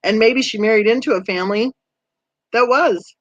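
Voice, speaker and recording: Woman host, fairly high voice, chatty and laughing, reading viewer comments; dry, muffled lo-fi recording. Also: normal speed, dry recording. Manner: chatty, conversational, laughs often. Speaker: true crime channel host. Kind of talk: livestream chat reading comments.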